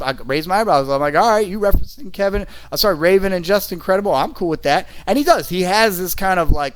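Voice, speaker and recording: A man talking through wrestling matches in a loose, chatty solo review. His voice sits a little high for a man, and he rambles with restarts and small chuckles. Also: fairly bright tone.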